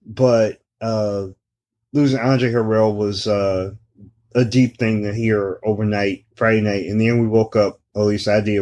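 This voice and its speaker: A man in his mid-forties co-hosts a podcast with a slightly low voice. He talks in an easygoing, unhurried way and leans on fillers as he goes. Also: darkish tone. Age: 40s. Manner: unhurried, laid-back delivery with many fillers. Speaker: podcast co-host. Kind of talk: casual chat.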